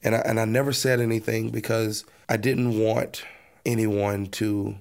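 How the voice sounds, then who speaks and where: Gravelly low-voiced pastor telling his story. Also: flat delivery, unhurried, darkish tone. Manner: earnest storytelling, repeats words as he restarts, acts out his own past words. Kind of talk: personal testimony in an interview.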